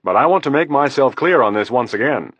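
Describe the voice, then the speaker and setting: A testy, defensive politician in high office, as a man puts him on for an audiobook. His voice climbs higher and sharper when pressed. The recording is dry and close. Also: lively intonation, fairly quick, a bit bright, dry recording. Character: defensive, irritable male vice president, middle-aged.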